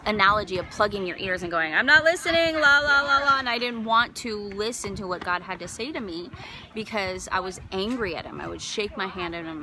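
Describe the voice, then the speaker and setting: A woman's voice: mid-range voice, sharp tone, slight background noise. A bereaved mother giving a personal faith testimony, earnest and emotional, rising to fervent conviction.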